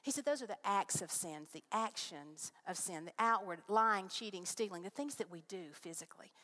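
A middle-aged woman speaking to a congregation, telling her faith story in an earnest, animated way, voice rising when excited. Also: mid-range voice, moderate pace. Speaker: guest speaker. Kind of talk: testimony sermon.

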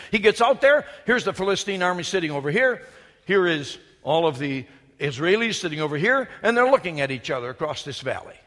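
A man's voice: high-pitched, animated, fairly quick, long reverb tail. A man preaching an emphatic, storytelling sermon in a church sanctuary. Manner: emphatic, storytelling, shifts from loud to hushed.

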